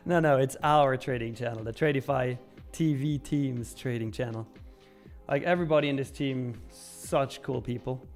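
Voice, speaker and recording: A man's voice: medium pitch, moderate pace, faint music behind. A young Swiss man casually hosting a live trading stream, chatting, reading out chat messages and laughing often. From Switzerland.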